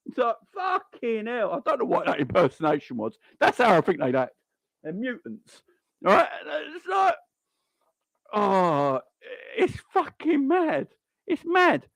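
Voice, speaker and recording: A man's voice: sits high, huge pitch swings, a little slow, vocal fry, long pauses, fairly bright tone, dry recording. A man hosting a football channel, ranting angrily and swearing as he mocks online fans. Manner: sweary, mocking, mimics people. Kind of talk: angry fan rant.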